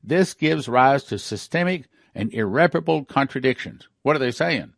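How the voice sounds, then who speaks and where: A man's voice: mid-range voice, lively intonation, normal speed, vocal fry, hardly any pauses, no echo, studio quality. A middle-aged man giving emphatic news commentary with a prophetic bent, repeating and rereading his points.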